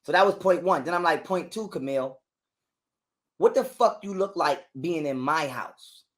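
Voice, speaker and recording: A man's voice: fairly high pitch, lively intonation. A man, a guest on a call, telling a heated personal story in street slang and swearing a lot. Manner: heated, profane, talks fast in street slang.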